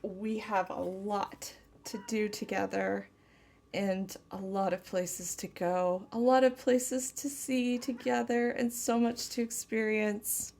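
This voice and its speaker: A woman tarot reader speaking a channeled message slowly and tenderly, close to tears. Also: medium pitch, steady tone, creaky, a little mellow. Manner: slow, tender, emotional. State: tearful.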